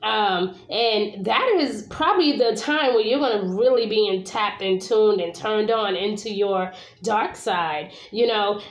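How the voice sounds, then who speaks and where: A woman from Brooklyn, New York, giving a casual tarot reading to camera, chatty and informal, swearing now and then and often asking "okay?". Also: medium pitch. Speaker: tarot reader. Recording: echoey room.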